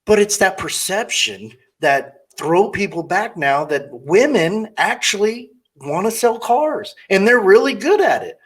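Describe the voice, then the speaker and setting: A man's voice: sits high, lively intonation, a little slow, few pauses, slightly rough. A man hosting a casual interview in a slightly raised voice. He speaks bluntly and rambles, slipping into voices to act out what customers say. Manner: blunt, candid opinions. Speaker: podcast host interviewing a car saleswoman.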